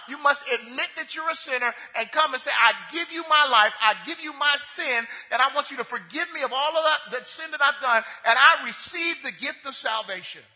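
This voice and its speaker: Man preaching, very high voice, very bright tone, call-and-response questions, echoey church hall. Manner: slows and stresses key words. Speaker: pastor. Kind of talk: sermon.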